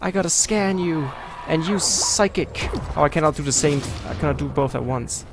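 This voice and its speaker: A man doing let's play commentary, excitable and self-mocking, yelling and swearing at enemies. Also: on the high side, normal speed, music in the background. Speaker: gaming video host.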